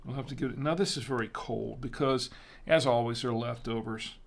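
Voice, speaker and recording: Casual male livestream host, gravelly tone, rambling and chatty. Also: mid-range voice, steady tone, brisk, very noisy. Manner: rambling, chatty, self-deprecating with frequent fillers. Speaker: host of a wine tasting livestream. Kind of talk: casual live-stream chat.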